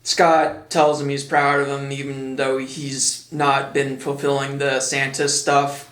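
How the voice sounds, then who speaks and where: A man's voice: mid-range voice, monotone, slow, a bit bright, reverberant. A man giving sarcastic commentary as a video reviewer, making dry, mocking jokes.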